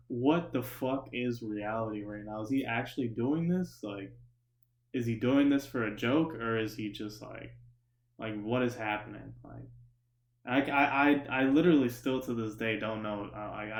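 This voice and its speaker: A man's voice: on the low side, steady tone, moderate pace, echoey room. A young man telling a profane, rambling story with many restarts and asides. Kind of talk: casual storytelling.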